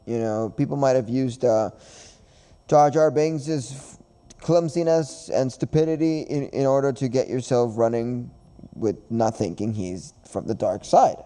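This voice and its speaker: A man's voice: medium pitch, unhurried, warm tone. Rambling man hosting a casual podcast. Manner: rambling, repeats himself, laughs often. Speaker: podcast host. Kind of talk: casual chat.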